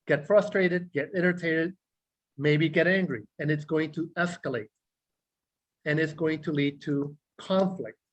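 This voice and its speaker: A clinical psychologist teaching a meditation class explains self-regulation to a group, measured and slow, repeating key words in lists. He addresses listeners directly and asks rhetorical questions. His pitch is fairly high and the sound is lo-fi.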